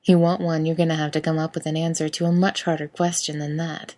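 A woman voicing a gruff, griping male ship's doctor with a soft Southern drawl, teasing dryly. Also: sits low, flat delivery, quick pace, natural voice.

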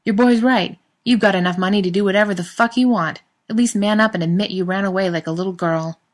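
Storybook role: woman reading a harsh, cursing man, fast and sharp. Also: on the low side, lightly acted. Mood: angry. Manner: harsh, cursing, cutting others off. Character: angry blunt male friend.

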